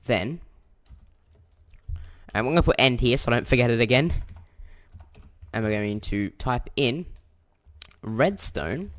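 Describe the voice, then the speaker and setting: A young Australian man giving a casual coding tutorial, thinking aloud and correcting himself as he types. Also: mid-range voice. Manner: chatty and self-correcting, thinks aloud while typing. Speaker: tutorial host.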